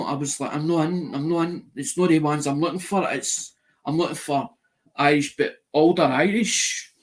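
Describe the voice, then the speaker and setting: A man hosting a live mail-call stream, telling a long casual story full of restarts, acted-out quotes and the odd swear word. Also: fairly high pitch. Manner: retells conversations by quoting them. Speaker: channel host doing a live mail call.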